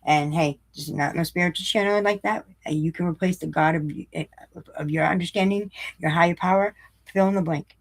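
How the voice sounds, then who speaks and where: Reading a daily recovery meditation out loud, a woman with a fairly low pitch stops now and then for sarcastic, blunt remarks. She also slows down to repeat certain lines for emphasis.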